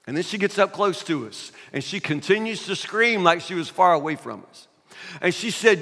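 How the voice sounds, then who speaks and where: A man's voice: high-pitched, expressive, unhurried, fairly bright tone. An older man preaching a sermon, telling a humorous personal story in a chatty, self-deprecating way. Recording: echoey hall.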